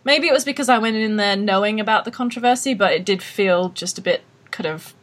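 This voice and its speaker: A woman's voice: medium pitch, a little fast. A woman with an Australian accent hosting a podcast in casual chat, blunt and opinionated, often laughing. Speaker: podcast host.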